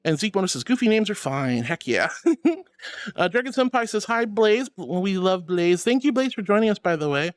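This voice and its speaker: A man's voice: sits high, big pitch swings, moderate pace, no echo, clean studio sound. A man streaming as a VTuber, reading chat messages aloud and answering viewers affectionately, calling them sweetie and honey. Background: faint background music.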